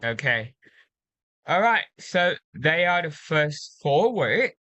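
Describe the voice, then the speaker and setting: A woman tutoring English pronunciation, patiently drilling words slowly and repeating them. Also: sits low, big pitch swings, fairly bright tone, dry recording. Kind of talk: one-on-one pronunciation coaching.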